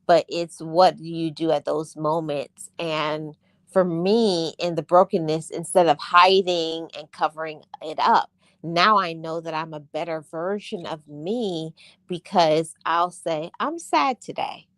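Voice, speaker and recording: A woman's voice: deep voice, fairly even intonation, a little slow, dry recording. A woman co-hosting a podcast, speaking candidly and earnestly about healing, in a casual chat. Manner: earnest, candid, acts out her inner voice. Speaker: podcast co-host.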